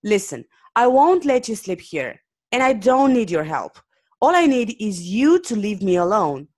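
A bitter, distrustful man who owns the place shouts dismissively, voiced by a woman reading a story aloud. His pitch swings widely as he snaps and barks. It is a plain storybook reading voice, not a full character. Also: very animated, moderate pace. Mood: furious.

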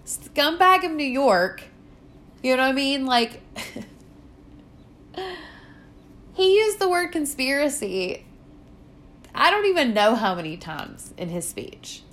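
A woman's voice: high voice, big pitch swings, slow pace, pauses often, a bit bright, a little hiss or hum. A woman hosting her own podcast, ranting in a casual, profane way with lots of fillers like "like" and "you know". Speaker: podcast host.

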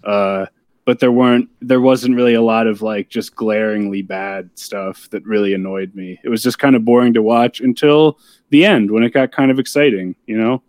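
A man's voice: lowish voice, fairly even intonation, normal speed, a little mellow, no room sound. Blunt, dry-voiced man critiquing casually. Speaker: podcast co-host. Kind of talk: casual chat reviewing a TV episode.

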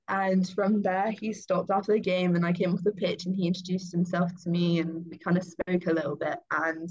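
A woman's voice: lowish voice, steady tone, moderate pace. A young woman from England, a guest cricketer, telling a long story in a chatty, casual way with lots of ums and small laughs. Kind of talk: casual interview chat. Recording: dull lo-fi sound.

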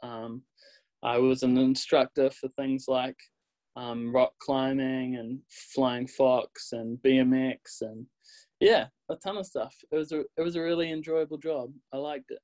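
A man's voice: medium pitch, measured pace, rough recording. Laid-back man with a Kiwi accent. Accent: New Zealand. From New Zealand. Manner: relaxed, laughs often, many ums. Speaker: guest, graphic designer. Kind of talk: casual interview chat.

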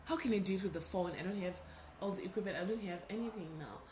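A young adult woman hosting a podcast, telling a personal story in a casual, animated way and repeating words for emphasis. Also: mid-range voice, quick pace, slight background noise. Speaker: podcast host.

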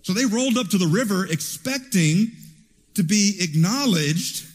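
A man preaching a sermon in an animated storytelling way, heard in a church hall with reverb. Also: high-pitched, normal speed. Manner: animated storytelling with acted quotes.

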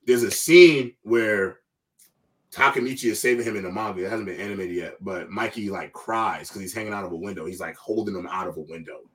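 A man's voice: fairly low pitch, brisk, a bit bright, recorded from a distance. A man hosting a casual panel talk show, speaking loosely with slang and emphatic asides. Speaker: show host.

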